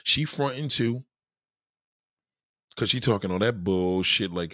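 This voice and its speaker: A man hosting a casual livestream, riffing loudly and acting out quoted voices, reading chat names aloud. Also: on the low side, normal speed, no echo, studio quality. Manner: loud, animated riffing, acts out quoted voices. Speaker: livestream host.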